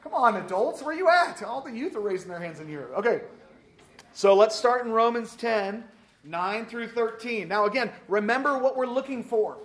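High-voiced upbeat man teaching class. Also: moderate pace, fairly bright tone. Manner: upbeat, joking, calls on readers. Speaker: Sunday school teacher. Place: church classroom.

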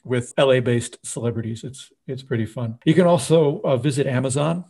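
A man's voice: medium pitch, fairly even intonation, fairly quick, vocal fry, mellow, slightly rough. A man co-hosting a podcast, chatting in an easygoing way with hesitant fillers. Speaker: podcast co-host. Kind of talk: casual chat.

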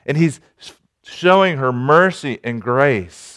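A man preaching a sermon in an earnest manner, rising to urgent pleading and dropping to quiet reflection. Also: mid-range voice, animated, takes it slowly, smooth. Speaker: pastor.

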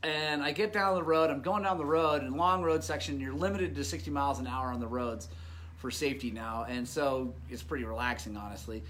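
A middle-aged man casually telling a race story, animated and self-mocking, laughing often. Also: medium pitch, brisk. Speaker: off-road motorcycle racer telling a race story.

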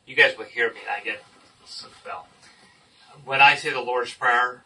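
A man leading a Bible study discussion, explaining scripture in an emphatic, animated teaching manner. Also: mid-range voice, unhurried. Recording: distant mic with faint noise.

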